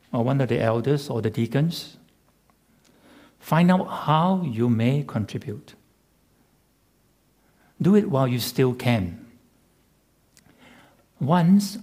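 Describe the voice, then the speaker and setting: Male preacher, sermon delivery; slow and deliberate, slightly husky, emphatic. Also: medium pitch, darkish tone. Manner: measured, emphatic, with rhetorical repetition. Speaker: pastor.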